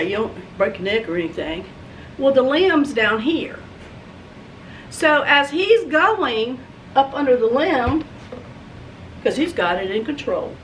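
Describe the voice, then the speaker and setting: A woman's voice: fairly high pitch, recorded from a distance, a little hiss or hum. A woman vlogger telling a story dramatically and acting out the scenes for her viewers. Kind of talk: animated storytelling vlog.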